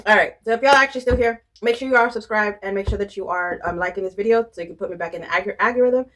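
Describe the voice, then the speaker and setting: A young woman vlogger telling a rambling, animated story in a casual chatty way, full of fillers and restarts. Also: mid-range voice, racing, poor audio. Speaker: budgeting and planner vlogger.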